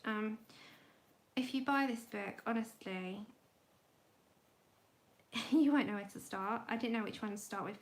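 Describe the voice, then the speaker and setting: A woman chatting casually to her livestream viewers while she colours, her voice sitting a little high. She breaks off to coax her dog in soft, sing-song tones, recorded at home on a phone. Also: a little hiss or hum. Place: home indoors.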